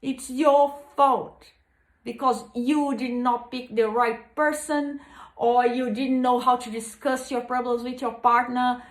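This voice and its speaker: A woman's voice: a little high, flat delivery, slow. Earnest woman pleading in an echoey room. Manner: earnest, pleading, with many restarts. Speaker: vlogger. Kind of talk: heartfelt motivational talk to camera. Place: at home.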